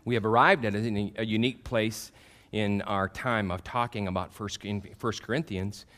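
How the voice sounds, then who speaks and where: A pastor in his fifties with a somewhat low voice delivers a sermon built on personal stories. He tells them in a lively, self-mocking way and raises his voice for the punchlines. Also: moderate pace. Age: 50s. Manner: animated, self-deprecating storyteller who gets loud at punchlines.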